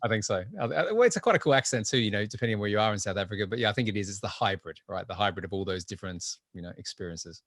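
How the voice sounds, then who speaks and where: Guy from adelaide, aussie accent gone mixed from years in the uk, lowish voice, dry close sound, chatty and laughs a lot. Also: very fast, few pauses, dry recording. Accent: Australian, mixed after twenty years in the UK. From Adelaide, Australia. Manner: lively, chatty, laughs easily. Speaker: guest entrepreneur. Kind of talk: interview conversation.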